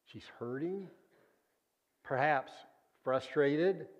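A man preaching a sermon, earnest and deliberate, often sinking to a hushed low voice on key words.

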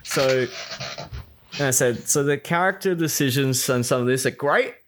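A man in casual chat, retelling a series with lively put-on quotes and frequent swearing. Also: medium pitch, moderate pace. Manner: animated, acts out characters' lines, swears freely.

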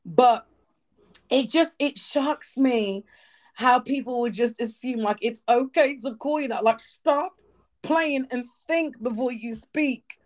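A young British woman from the UK, co-hosting a casual chat, blunt and animated, laughing often. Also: on the high side, slow.

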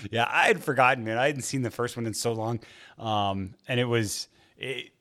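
A man's voice: medium pitch, moderate pace, a bit bright. A man in a casual podcast chat, rambling with lots of fillers and frequent laughs. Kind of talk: casual chat about movies.

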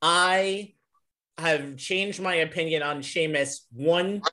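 A man co-hosting a podcast in casual chat, opinionated and animated, laughing often. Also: a little high, takes it slowly. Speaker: podcast co-host.

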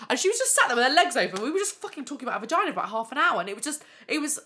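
Bright-voiced woman telling candid stories. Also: on the high side, fast. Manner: swears constantly, animated, lots of fillers. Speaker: podcast host. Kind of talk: candid casual storytelling.

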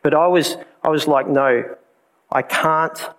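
A man's voice: a little high, fairly even intonation, slow, a bit bright, poor audio. A man giving his personal testimony to a church congregation, candid and conversational, with many fillers. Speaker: preacher sharing his testimony.

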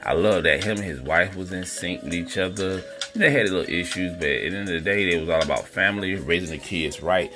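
A man's voice: sits low, lively intonation, brisk, over music. A man hosting a podcast, chatting casually and slangily about a movie he watched, talking straight to his listeners. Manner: laid-back, slangy, talks to listeners as y'all. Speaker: podcast host. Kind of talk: casual movie review chat.

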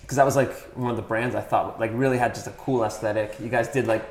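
A man's voice: on the low side, fairly even intonation, fast, a little mellow, roomy sound, slight background noise. Laid-back man hosting a podcast. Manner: laid-back, hesitant with many fillers. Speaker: podcast host. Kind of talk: casual podcast chat.

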